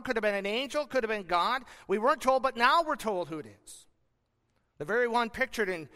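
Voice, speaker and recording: A man preaching an earnest sermon in a high, bright voice. He stresses key words with slow, deliberate pauses. The sound carries the long reverb of a church hall. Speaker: pastor.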